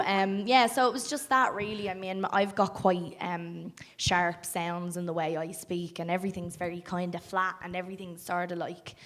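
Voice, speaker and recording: A young woman from Ireland with a generic Dublin accent, chatting as a film actor guest at a casual festival panel, talking through plenty of ums and easy laughs. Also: fairly low pitch. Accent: Irish, generic Dublin. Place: festival cafe stage.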